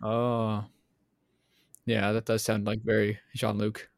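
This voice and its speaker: A man's voice: on the low side, monotone, slow pace, gravelly, no room sound, clean studio sound. A Canadian man co-hosting a casual comics podcast, rambling and self-deprecating. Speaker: podcast co-host. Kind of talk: casual comedic podcast chat.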